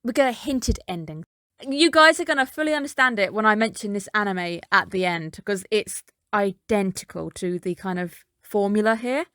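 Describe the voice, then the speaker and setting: Woman, anime reviewer, casual recap, chatty, skeptical asides, mid pitch, dry sound. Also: moderate pace, fairly bright tone, smooth, dry recording. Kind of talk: casual episode recap and commentary.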